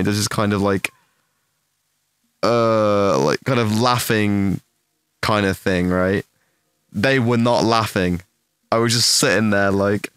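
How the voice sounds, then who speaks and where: A man's voice: on the low side, normal speed, smooth, dry recording. A young man casually telling a rambling, profane story to his stream, acting out the lines of the people in it. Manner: profane, animated anecdote with acted-out quotes.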